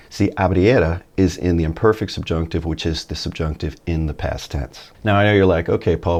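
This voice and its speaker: A man giving a relaxed, chatty video lesson, with folksy asides, a little tired early in the morning. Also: sits low. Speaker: Spanish teacher.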